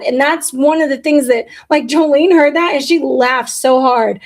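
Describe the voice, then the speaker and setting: A woman's voice: high-pitched, normal speed, few pauses. A woman in her forties, a podcast host telling candid stories in casual chat, blunt and profane. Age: 40s. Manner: blunt and profane, animated storytelling.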